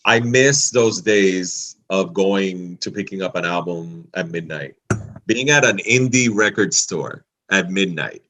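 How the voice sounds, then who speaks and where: A man with a low but bright, forceful voice chatting on a music podcast. He is supportive and gushing, a devoted fan. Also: animated, a little slow, poor audio. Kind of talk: casual album discussion.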